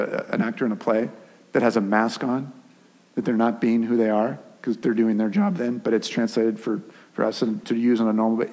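A man preaching a sermon in a lively, conversational way, often acting out short asides. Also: medium pitch, big-room sound. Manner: animated, conversational preaching with restarts and acted asides. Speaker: pastor.

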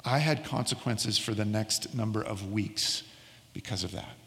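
A middle-aged man preaching a sermon as pastor, telling a personal story and slowing down to stress key words. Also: fairly low pitch, gravelly, a bit bright, in a large hall. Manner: storytelling, slows down for emphasis.

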